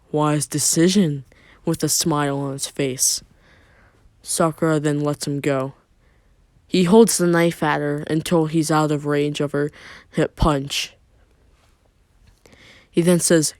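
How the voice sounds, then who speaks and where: A man's voice: a little high, level tone, measured pace, pauses often, dry recording, studio quality. A man narrating a fan story in a plain, loosely improvised way with filler asides.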